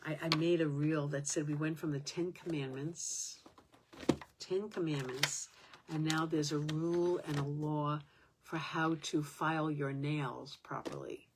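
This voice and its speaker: A woman's voice: low-pitched, steady tone, a little slow, background noise. An older woman at home, talking to her own camera in a rambling, aggrieved way, with many fillers. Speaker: vlogger. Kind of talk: casual talk to camera.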